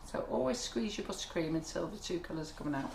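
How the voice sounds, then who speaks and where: A woman's voice: lowish voice, animated, fast talker, creaky, a little mellow. A woman running a live cake decorating demonstration, chatty and teasing. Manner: chatty, teasing, laughs often. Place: kitchen. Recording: echoey kitchen with background noise.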